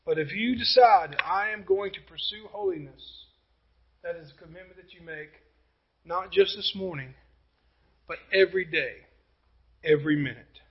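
A pastor preaching a sermon, emphatic, with rhetorical questions and passages that drop to quiet intensity. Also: male voice, sits high, moderate pace, pauses often, muffled recording.

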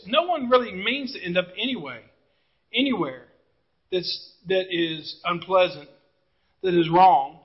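A man's voice: high-pitched, moderate pace, dull audio. A male pastor preaching a sermon, emphatic and drawing out key words as he addresses the congregation directly.

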